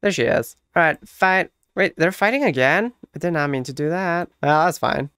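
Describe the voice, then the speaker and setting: A let's play host giving casual gameplay commentary, chatty and quick to laugh, telling game characters what to do. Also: medium pitch, expressive, a bit bright, clear, resonant tone, no echo, studio quality. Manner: laughs often.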